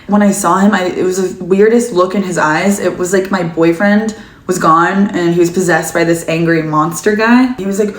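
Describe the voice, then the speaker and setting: Young woman, story-time vlog, casual, lowish voice, echoey room. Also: a little fast. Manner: casual, chatty, many "like" fillers. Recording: echoey room, faint background noise.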